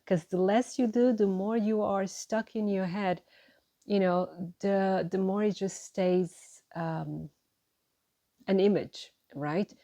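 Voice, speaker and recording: A woman giving a gentle, encouraging tarot reading to her viewers, often checking in with "right?" and "you know". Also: mid-range voice, fairly even intonation, takes it slowly, no echo. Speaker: tarot reader.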